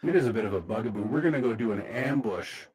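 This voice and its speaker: A man's voice: mid-range voice, expressive, fast talker, darkish tone, faint music behind. A man playing a tabletop game, talking in character in an easygoing, wry way. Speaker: player. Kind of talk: in-character roleplay.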